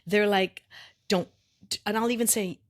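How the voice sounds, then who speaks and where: A middle-aged woman with a fairly low voice co-hosts a casual podcast chat. She tells her stories with lots of animation, acting out the voices of herself and her clients and dropping the odd swear word. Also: a little fast, a bit bright. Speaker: podcast co-host and energy worker. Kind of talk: casual conversation.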